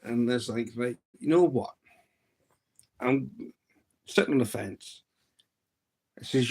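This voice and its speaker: A man hosts a relaxed live chat stream and tells an anecdote with energy. He slips into other people's lines as he recounts what they said, keeping it casual and chatty. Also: medium pitch, slow pace, long pauses, slightly rough. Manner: animated anecdote-telling, acting out what others said.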